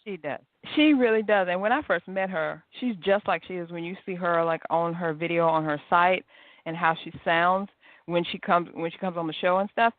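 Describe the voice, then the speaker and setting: A woman's voice: lowish voice, dry recording. A woman hosting a podcast interview, chatty and enthusiastic, laughing often. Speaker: podcast host. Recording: dry phone-line audio.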